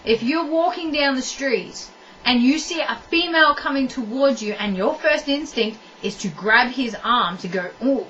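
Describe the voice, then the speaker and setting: In a direct-to-camera monologue, a young adult woman offers no-nonsense relationship advice, repeating key points to stress them. She speaks at a moderate pace in a high, bright, forceful voice, captured as dull, far-off lo-fi audio with slight noise.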